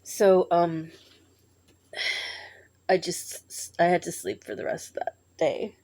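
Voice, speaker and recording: A woman telling a tearful personal story in a halting, emotional way, sighing and breaking off as she grieves. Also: on the low side, level tone, dark tone. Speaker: vlogger.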